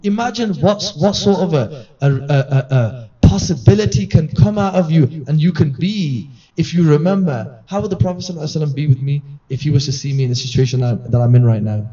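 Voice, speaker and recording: A mellow, higher-leaning male voice moves a little fast as a religious teacher gives an earnest, conversational reminder to those gathered in a hall. He performs the voices he quotes, and the distant mic makes for dull, lo-fi sound.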